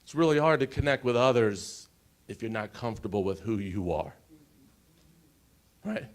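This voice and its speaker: A man in his forties telling his personal story on a conference stage, emotional and pausing, often asking the audience questions. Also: on the low side, lively intonation. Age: 40s. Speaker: conference speaker.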